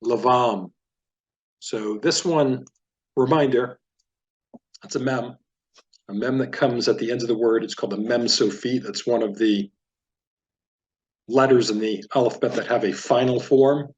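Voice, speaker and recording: A man teaching a Biblical Hebrew reading lesson, patiently sounding out each word and then explaining it at a relaxed teaching pace. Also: mid-range voice, highs cut off. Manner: patient, explanatory, repeats words slowly for learners.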